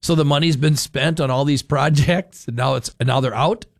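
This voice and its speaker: A man's voice: a little high, normal speed, dry recording. A talk radio host, speaking into a studio microphone with a dry, close sound. He talks in an opinionated, sarcastic way, full of ums and uhs. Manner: opinionated, sarcastic, many fillers. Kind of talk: casual political talk radio.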